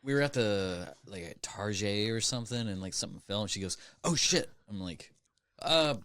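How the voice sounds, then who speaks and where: Low-voiced man making wry asides. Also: a little fast, smooth, dry recording, studio quality. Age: adult parent. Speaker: podcast co-host. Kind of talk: casual chat.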